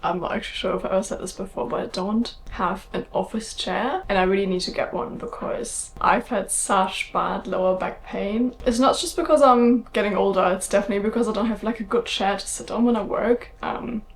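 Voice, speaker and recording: A woman's voice: mid-range voice, brisk, hardly any pauses, slight background noise. Woman, young adult, German accent, casual home vlog, chatty, filler words. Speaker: vlogger. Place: home in London.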